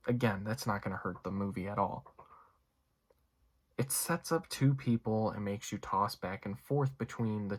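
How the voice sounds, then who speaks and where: A young man giving a casual, rambling movie review, full of fillers and asides. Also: on the low side. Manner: rambling, lots of fillers and you-knows.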